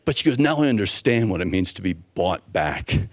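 A man's voice: low voice, sing-song, normal speed. A man, a doctor speaking to a church audience, telling a story and acting out the voices of the people in it. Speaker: physician speaking at a church event. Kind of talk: storytelling talk.

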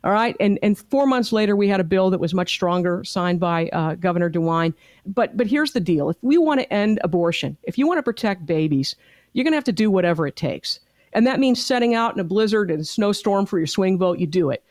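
Woman, middle-aged, fervent, emphatic, rallying tone, mid pitch, dry close sound. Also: lively intonation, a little fast, a little mellow, no room sound. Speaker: pro-life activist guest. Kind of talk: interview storytelling.

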